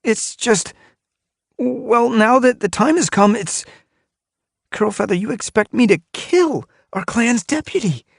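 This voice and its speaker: A man playing a nervous young tom cat in an audiobook who stammers and frets. The voice rides high and strained, with lively pitch swings and a husky edge. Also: moderate pace, dry recording, clean studio sound. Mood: panicked. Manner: stammering, anxious.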